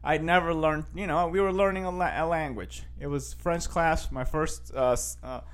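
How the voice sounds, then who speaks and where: A young man from Costa Rica talks casually to his listeners, his voice sitting a touch high. He rambles, circling back with fillers and restarts as he goes. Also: fairly even intonation, moderate pace. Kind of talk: casual chat.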